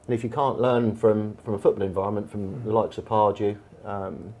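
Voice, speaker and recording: A man's voice: fairly low pitch, steady tone, fairly quick, a little mellow. Chatty Englishman telling football stories. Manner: chatty, anecdotal, with frequent fillers. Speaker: football manager and guest speaker. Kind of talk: storytelling in an on-stage conversation. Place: bar event room with an audience.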